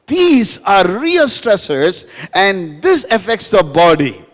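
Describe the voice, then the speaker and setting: A man's voice: sits high, sing-song, slow, hardly any pauses. A male pastor, giving a humorous sermon to a live audience in a school hall, telling stories and repeating lines for emphasis. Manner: storytelling with jokes, emphatic repetition. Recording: reverberant hall.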